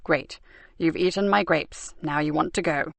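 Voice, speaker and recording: A woman voicing a tired, wounded male detective sergeant in a hospital bed, speaking low, slow and weary. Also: gravelly, dry recording, heavily acted.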